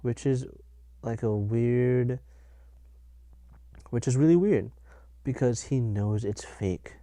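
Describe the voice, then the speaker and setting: Young guy rambling on his podcast, deep mellow voice, dry close-mic sound. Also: no room sound. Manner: rambling, self-correcting, laughs at his own jokes. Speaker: podcast host. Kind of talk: casual solo podcast monologue.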